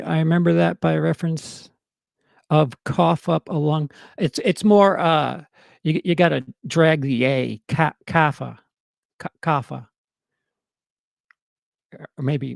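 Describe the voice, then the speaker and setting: A man's voice: on the high side, gravelly, no room sound, studio quality. A man with a New York accent chatting casually on a livestream, answering his chat with lots of stammered restarts and fillers.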